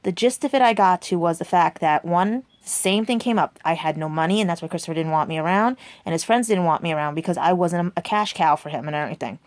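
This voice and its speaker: Her voice is fairly low and darkish, and this vlogger in her forties talks fast with hardly any pauses in a dry recording. Chatting with viewers, she rambles through a personal story full of "right?" and "and everything."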